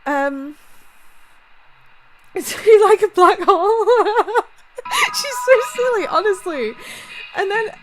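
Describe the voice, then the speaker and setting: A young woman streamer telling a story casually, animated and giggly. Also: very high-pitched, takes it slowly, long pauses, slight background noise, poor audio. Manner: giggly, animated, breaks into laughter often. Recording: music playing underneath.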